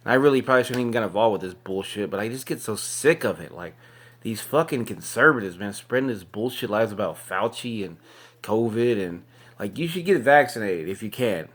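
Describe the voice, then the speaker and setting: A man's voice: fairly low pitch, animated, brisk, fairly bright tone. A man, hosting his own show and ranting angrily, swearing heavily as he talks. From Texas. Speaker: podcast host. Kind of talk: angry ranting monologue.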